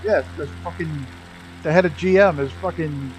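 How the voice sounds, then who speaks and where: A slightly high-voiced man swears freely and laughs through his stories as he streams a flight sim. He talks loosely, drifting from racing yarns to remarks about the plane. Faint music plays under his voice. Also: moderate pace, darkish tone, rough recording. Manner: profane, storytelling, laughs often. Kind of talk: casual chat while streaming a flight sim.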